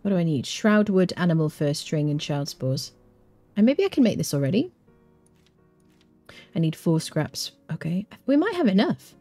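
A woman giving casual gameplay commentary, excitable and humming little tunes as she plays. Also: on the low side, normal speed, long pauses, faint music behind. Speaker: gameplay streamer.

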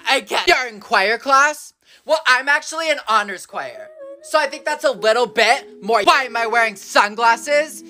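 Woman as a smug schoolgirl, high-ish voice, dramatic whines, clear music underneath. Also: bright, forceful tone. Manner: condescending, dramatic, whiny outbursts. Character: smug attention-seeking teen schoolgirl, show-off. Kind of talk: comedy sketch acting. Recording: music playing behind the voice.

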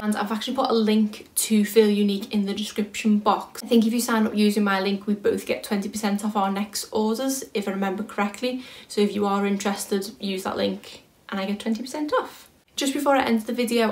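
A young British woman chatting casually through a beauty haul, thinking aloud as she works out prices. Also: medium pitch. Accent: British English. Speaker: beauty vlogger. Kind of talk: casual product haul chat. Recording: echoey room.

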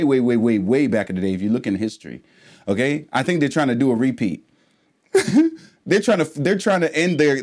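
A man in a casual reaction vlog who talks at an ordinary middle pitch. He rambles and curses freely. He drops into low mutters, then climbs into loud, fired-up rants. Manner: rambling, profane, ranting; swings from low mumbling to heated loud outbursts. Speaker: reaction channel host.

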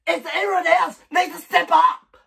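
A woman shouting a furious, swear-filled sports rant in her own vlog. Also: very high voice, little pitch movement, normal speed, vocal fry, recorded from a distance. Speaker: sports fan vlogger.

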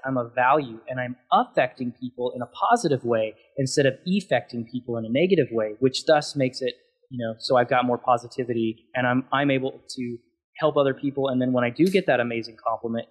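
A man's voice: medium pitch, a little fast, husky. A man speaking as a guest on an interview podcast, passionate and emphatic as he talks through his thoughts.

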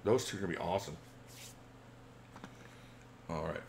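A man's voice: deep voice, moderate pace, creaky, a little mellow, a little hiss or hum. A man in his forties hosting a casual livestream Q&A, chatty, reading viewer questions aloud and chuckling often. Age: 40s. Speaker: channel host.

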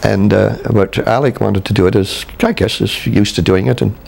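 An older man from Canada looks back on his years on stage. He speaks in a deep, gravelly voice, stopping and restarting his sentences and chuckling as he remembers. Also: fairly even intonation, a little mellow. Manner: halting, with many restarts and chuckles. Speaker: interviewee, veteran stage actor. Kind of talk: reminiscing interview.

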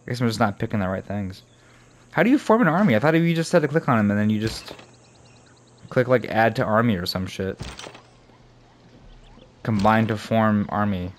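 A man's voice: fairly low pitch, expressive, normal speed, pauses often. A young man giving casual let's play commentary, thinking aloud and swearing as he plays. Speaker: gamer. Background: faint game music.

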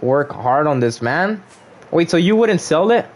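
A man's voice: fairly high pitch, lively intonation, unhurried. A young man casually chatting on a gaming livestream, reading viewers' chat aloud and joking back at them.

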